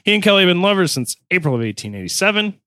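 A man's voice: sits high, very animated, very fast, bright, forceful tone, clean tone, dry recording. Man reading notes on a dry mic. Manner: joking, self-interrupting while reading. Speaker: podcast host. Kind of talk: casual chat, reading notes aloud.

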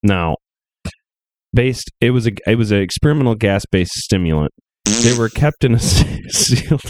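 A man's voice: lowish voice, expressive, normal speed, darkish tone, slight background noise. A young adult man hosting a casual podcast, crude and joking, reading out a creepy internet story between laughs.

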